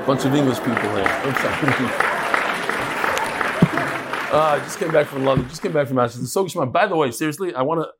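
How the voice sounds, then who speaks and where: A man's voice: fairly high pitch, brisk, crowd noise, background noise. A man teaching a Talmud class to a live audience into a microphone, joking and acting out the people in his stories. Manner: animated, joking storyteller acting out quoted speakers. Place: lecture room with live audience.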